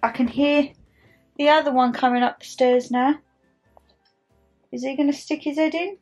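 A woman's voice: high-pitched, steady tone, normal speed, a little mellow, muffled recording, soft background music. Chatty woman vlogging at home. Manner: chatty, rambling storytelling with lots of "like". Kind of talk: casual vlog chat.

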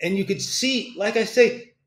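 A man's voice: high-pitched, animated, a little slow. An older man hosting a podcast, talking with enthusiasm and many stumbling restarts in casual interview chat. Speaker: podcast host. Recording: roomy echo.

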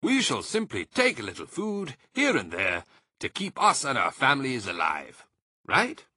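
A man voicing Mister Fox, a bold and cunning father fox who talks in a lively, theatrical way. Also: mid-range voice, moderate pace, slightly rough, no room sound, studio quality, voice pushed up, exaggerated voice. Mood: confident.

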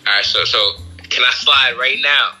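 A man talking on a call, suspicious and hesitant, with a very bright, sharp tone at a middling pitch. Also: measured pace, soft background music, rough recording. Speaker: prank target on a call.

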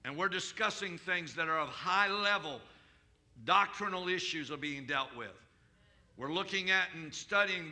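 A man preaching a sermon as pastor, calling out to his congregation with questions and rising to shouted declarations in prayer. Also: high-pitched. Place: church service.

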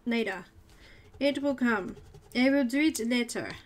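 A woman's voice: fairly high pitch, a little slow. A woman chatting and giggling through a live coloring tutorial, talking to herself as she works. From Australia. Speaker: art tutorial host.

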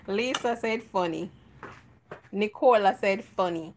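A woman's voice: on the high side, a little mellow, a little hiss or hum. Jamaican woman, cooking show host, playful jokey chat, giggles often, home kitchen. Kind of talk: casual live cooking chat.

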